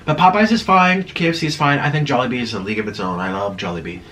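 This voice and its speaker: A man's voice: mid-range voice, quick pace, fairly bright tone, a little hiss or hum. A man chatting casually while eating on camera, rambling and laughing at himself. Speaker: mukbang vlogger.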